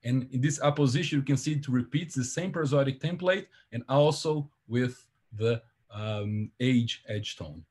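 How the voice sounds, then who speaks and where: A man giving an academic seminar talk at a medium pitch, with a husky edge to his voice. He explains carefully, pausing on fillers and correcting himself as he goes. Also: a little mellow. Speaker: seminar presenter.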